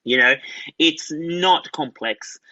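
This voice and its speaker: An Australian tenor chatting as an interview guest, enthusiastic and rambling, full of "you know" and "mate". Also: male voice, fairly high pitch, slow pace, bright, forceful tone, no echo, highs cut off. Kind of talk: casual interview chat.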